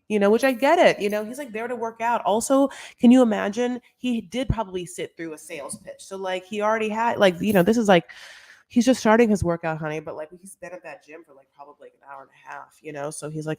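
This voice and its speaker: A woman's voice: mid-range voice, quick pace, darkish tone, no room sound. A woman casually recapping a reality show, gossipy and full of filler words, calling listeners honey. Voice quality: gravelly vocal fry.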